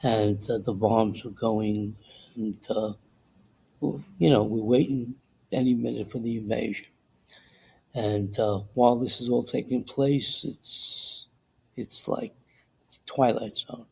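Older man, gravelly and husky, warm low tone; a veteran telling his story in halting, repeating phrases. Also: fairly even intonation, rough recording. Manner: halting, repeats words and acts out the dialogue he recalls. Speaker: veteran recounting wartime memory. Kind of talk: oral history storytelling.

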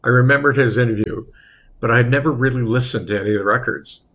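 A man chatting on a radio show, telling stories in a halting, reflective way with many restarts. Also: medium pitch, a bit bright. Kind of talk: casual radio chat.

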